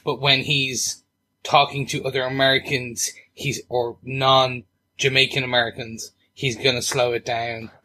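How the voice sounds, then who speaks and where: A man's voice: medium pitch, little pitch movement, measured pace, pushed and bright. A man co-hosting a TV review podcast, chatting casually and jokingly with lots of fillers. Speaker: podcast co-host.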